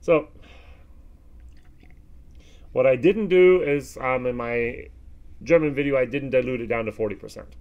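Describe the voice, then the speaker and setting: Animated American man reviewing whisky. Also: medium pitch, measured pace, long pauses, muffled recording. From United States. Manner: animated, expressive reactions with frequent fillers. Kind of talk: casual tasting review.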